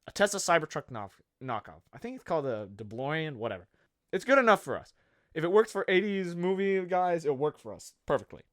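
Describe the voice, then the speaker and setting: A man's voice: fairly high pitch, big pitch swings, a little fast, fairly bright tone, dry recording, clean studio sound. A man narrating a comedy history video in a sarcastic, jokey way, wandering off into rambling asides. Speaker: video host.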